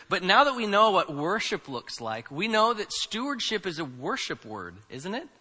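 Male pastor, slightly high and very bright voice, emphatic conversational sermon, long reverb of a church hall. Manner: conversational, emphatic preaching with rhetorical questions.

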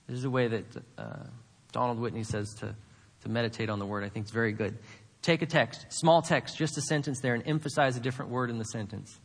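A man's voice: medium pitch, fairly bright tone, long reverb tail. A man preaching a sermon, emphatic, with many rhetorical questions to the congregation. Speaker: pastor.

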